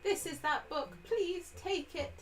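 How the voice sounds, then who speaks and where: A woman voicing an elderly village woman who keeps old lore, reading game dialogue aloud in a solemn, measured way. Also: very high voice, voice pushed up. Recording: distant mic with loud music.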